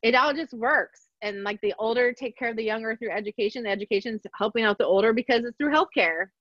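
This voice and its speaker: A woman with a somewhat high voice tells her own story with lots of animation, slipping into the voices of the people she quotes. The sound is dry and a little dull, with no room around it. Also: quick pace, no room sound. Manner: animated, acts out quoted voices, laughs often. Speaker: podcast guest. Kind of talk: personal storytelling in conversation.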